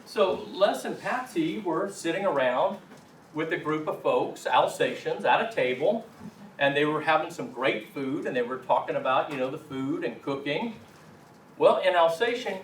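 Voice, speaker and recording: A man's voice: a little high, moderate pace, fairly bright tone, slight background noise. A man teaching a language class in a chatty, encouraging way, telling anecdotes to the room. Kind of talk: informal classroom talk. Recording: echoey room from far off.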